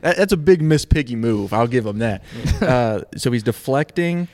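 A man's voice: medium pitch, lively intonation, moderate pace, a little mellow. A man in a casual brainstorming chat, playfully building on others' comedy ideas. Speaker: comedy sketch writer.

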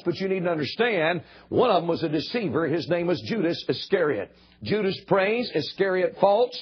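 An older guest preacher gives a sermon in a church building, his voice very husky and rough yet rather high. He hammers his points with emphatic repetition and pleading appeals, and the recording is dull and lo-fi.

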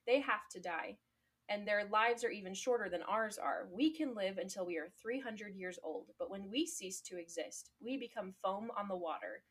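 A solemn old mermaid grandmother from a storybook, read aloud by a woman. The delivery is plain and steady, a reading more than a performance. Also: mid-range voice, moderate pace, husky, close to an everyday voice. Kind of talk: reading a fairy tale aloud.

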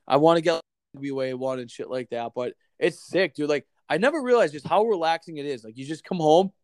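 Profane, animated man telling a story. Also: a little high, fairly quick, dry recording. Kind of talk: casual storytelling chat.

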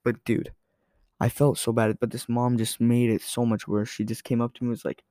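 A man's voice: medium pitch, little pitch movement, fairly quick, dark tone, no room sound, clean studio sound. A young man hosting a podcast, telling stories in a rambling, casual way with lots of fillers and self-corrections. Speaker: podcast host. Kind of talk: casual storytelling monologue.

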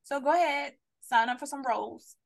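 A woman co-hosting a live podcast speaks at normal speed in a high, gravelly voice. She's blunt and animated in this casual livestream chat, putting questions to her listeners over a video call.

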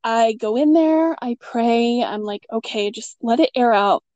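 Animated woman telling a spooky story. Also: unhurried, no echo, highs cut off. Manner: animated, acts out quotes with big pitch jumps and laughs. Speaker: guest telling a ghost story. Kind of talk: casual storytelling chat.

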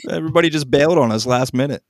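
A man's voice: mid-range voice, very fast, no echo, clean studio sound. A man, a filmmaker guest on a podcast, telling casual on-set anecdotes with lots of ums and laughs.

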